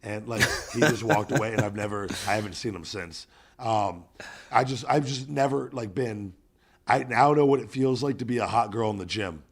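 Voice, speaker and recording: A man's voice: on the low side, moderate pace, slightly rough. Profane man telling gym stories. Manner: profane, animated storytelling. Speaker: podcast host. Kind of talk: casual podcast chat.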